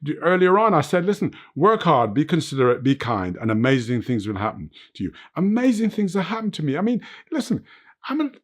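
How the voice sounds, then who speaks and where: A man's voice: on the high side, big pitch swings, fairly quick. Older male guest, emphatic motivational speaker, earnest, "right?" tags, at home. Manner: emphatic, earnest, preaching life lessons; tags points with "right?" and "you know what". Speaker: interview guest, fitness motivator. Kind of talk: reflective motivational interview talk. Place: his home, under film lights.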